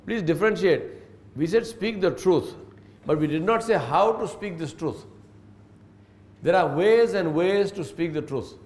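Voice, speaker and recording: A man's voice: on the high side, darkish tone. A man with a slightly raised voice lectures on religion in a storytelling way, adding Arabic phrases as he goes. The sound rings around a roomy space. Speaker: Islamic teacher. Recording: roomy echo.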